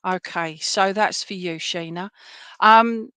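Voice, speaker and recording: Woman, spiritualist medium, gentle and reassuring, middle pitch, dry recording. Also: takes it slowly, clean tone, dry recording. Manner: gentle, reassuring, full of fillers and "all right?" tag questions. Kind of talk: relaying clairvoyant messages at an online service. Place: at home for an online church service.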